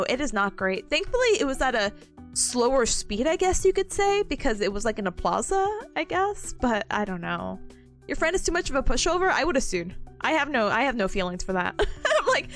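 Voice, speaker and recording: A young woman streaming a study session, chatting casually with her viewers, laughing often and rambling between stories. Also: a little high. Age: young adult. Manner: laughs often, talks to chat, lively and rambling. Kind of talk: casual live-stream chat.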